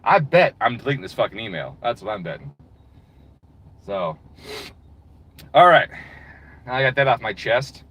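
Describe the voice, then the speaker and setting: A man's voice: medium pitch, very animated, moderate pace, pauses often, a bit bright, slight background noise, low-quality recording. A man delivering a heated, profane, exasperated rant as a channel host. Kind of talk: profane ranting monologue.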